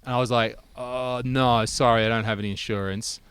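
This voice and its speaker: A man's voice: mid-range voice, fairly quick, clean tone, dry recording. A man, telling a long story in casual chat, swearing freely and acting out what people said. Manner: animated storyteller, swears freely, acts out quotes.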